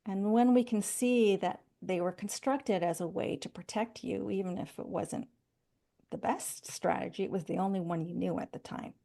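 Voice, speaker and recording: A middle-aged woman, a psychologist guest on a podcast, telling stories with lively, acted-out quotes. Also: medium pitch, normal speed, vocal fry. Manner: animated storytelling, acting out quoted voices. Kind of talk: podcast interview.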